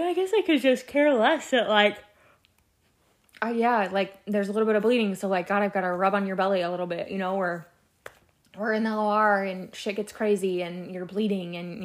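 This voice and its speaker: A woman's voice: mid-range voice, normal speed. Rambling candid woman podcaster. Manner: rambling, filler-heavy, candid and expressive, swears casually. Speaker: podcast host, labor and delivery nurse. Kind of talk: casual solo podcast chat.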